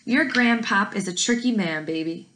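A firm mother who grumbles at her family, read aloud by a woman teacher. The tone is bright and close to the reader's own voice. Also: mid-range voice, lightly acted. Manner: brisk, grumbling.

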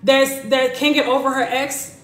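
Woman host, high voice, casual and reassuring live-stream chat, roomy echo. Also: little pitch movement, unhurried. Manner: warm, reassuring, chatty, reads comments aloud. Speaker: health coach hosting a live stream. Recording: echoey room.

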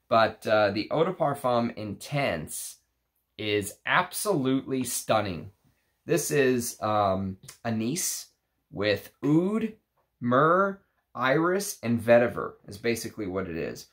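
A man's voice: mid-range voice, big pitch swings, slow, fairly bright tone. A man casually reviewing perfumes from his collection, gushing enthusiastically with restarts and fillers.

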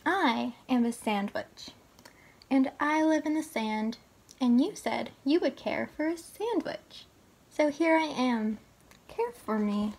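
Lady doing a sly little sand creature girl, cackly, slow and kinda husky. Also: high-pitched, expressive, darkish tone, exaggerated voice.

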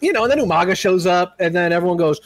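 A man with a high voice tells the story of a wrestling match on a casual podcast. He keeps an animated, laughing delivery. The sound is dry and close to the mic. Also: rapid-fire, dry recording, rough recording. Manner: animated storyteller, laughs often, shouts impressions. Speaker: podcast co-host recapping wrestling.

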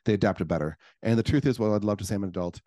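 A man's voice: lowish voice, very fast, dark tone, dry recording, studio quality. A man, a guest who works as a life coach, talking in a casual podcast conversation with an enthusiastic, argumentative manner.

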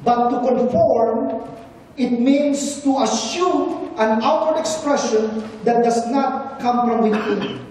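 Pastor giving a sunday sermon, mellow earnest voice, lots of questions to the crowd, far off mic, super echoey hall, faint hiss. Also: medium pitch. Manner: earnest, asks the congregation questions. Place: church service in a large hall.

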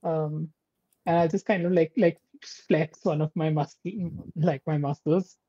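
A woman's voice: low-pitched, steady tone, measured pace, dark tone, slightly rough, no room sound, highs cut off. A woman player in a tabletop game, hesitant and self-correcting as she thinks aloud.

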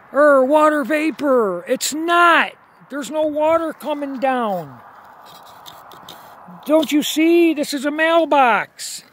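Man, high voice, slow and insistent, repeating himself to viewers, phone recording outdoors at night. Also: fairly bright tone. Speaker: video blogger. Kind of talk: filming outdoors, talking to viewers. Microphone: phone camera held while filming.

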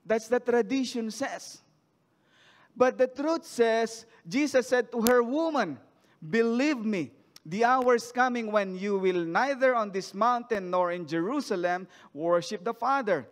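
High-voiced preacher in a reverberant church. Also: male voice, a little slow. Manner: reads scripture then asks the congregation questions. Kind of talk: sermon with scripture reading. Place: church sanctuary. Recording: long church hall reverb.

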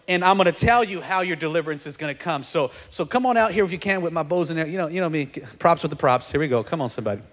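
A man preaching a sermon as pastor, energetic and conversational, with joking asides and frequent checks like "okay?". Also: sits high, fast talker. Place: church sanctuary. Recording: long hall reverb.

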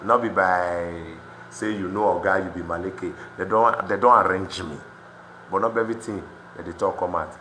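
An impassioned young man with a Nigerian Pidgin accent speaks in a forceful, bright voice and rises at times into shouting. He is recorded in an echoey room with faint noise behind him. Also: low-pitched, fairly even intonation, moderate pace. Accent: Nigerian Pidgin English. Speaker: street commentator. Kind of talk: emotional protest vlog.

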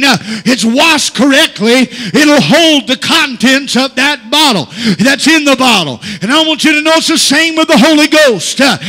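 A man's voice: very high-pitched, bright, forceful tone. A male pastor preaching a Pentecostal sermon, punctuating phrases with "uh" and calling out for amens. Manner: preaching with frequent "uh" fillers and calls for amen. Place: church sanctuary. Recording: long church hall reverb.

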